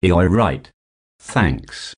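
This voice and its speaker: A man reading simple scripted practice dialogues in a slow, even textbook delivery. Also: deep voice, husky. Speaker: dialogue reader for English practice.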